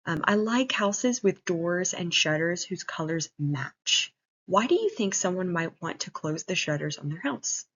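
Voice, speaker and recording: Slow gentle woman teacher. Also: fairly low pitch, lively intonation, husky. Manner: gentle, encouraging. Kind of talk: online reading lesson for young children. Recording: muffled lo-fi recording.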